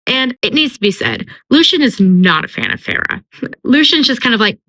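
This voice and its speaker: A woman's voice: a little high, big pitch swings, moderate pace, a bit bright, rough recording. A young woman casually summarizing a book, chatty and full of filler words, slipping into character voices. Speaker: book commentator.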